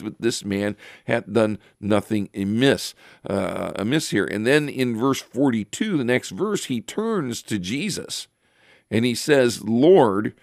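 A man giving a Bible teaching, reading verses aloud and explaining them with frequent pauses and fillers. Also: on the low side, dry recording, studio quality.

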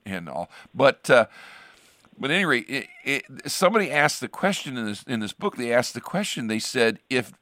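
A man's voice: on the low side, a bit bright, dry recording. An older man from Ohio, a pastor hosting a casual chat, telling rambling stories with frequent restarts and chuckles. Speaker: pastor and show host.

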